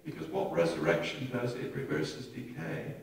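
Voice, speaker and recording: An older man, preaching a sermon with animated humour, recorded from a distant mic in an echoey church. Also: mid-range voice, normal speed, gravelly. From England. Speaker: pastor. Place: church hall.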